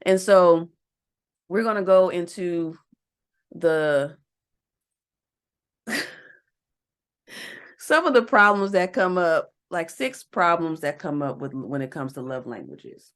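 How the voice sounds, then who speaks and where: Co-host, woman, slightly low voice, relaxed relationship talk, lively quoted asides. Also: slow pace, long pauses, clean tone. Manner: animated, acts out quotes in a higher voice. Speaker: podcast co-host. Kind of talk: casual relationship chat.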